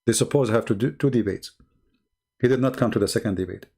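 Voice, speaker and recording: A man's voice: mid-range voice, quick pace, vocal fry, dark tone, husky. A middle-aged man with an Arabic accent hosts a casual livestream, speaking sarcastic, mocking broken English while losing his voice. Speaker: host answering viewer questions.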